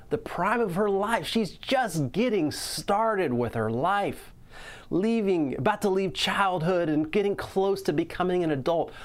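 Earnest male preacher, slow emphasis. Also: high-pitched, lively intonation. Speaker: pastor. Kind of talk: sermon.

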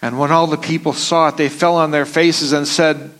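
A man's voice: fairly high pitch, fairly even intonation, a little fast, hardly any pauses, a bit bright. A man preaching a sermon, reading scripture aloud with dramatic rises and falls.

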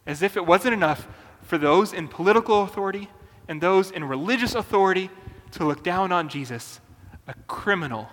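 A man preaching a sermon as a pastor, earnest and deliberate, with emphatic pauses. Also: high voice, fairly bright tone, in a large hall.

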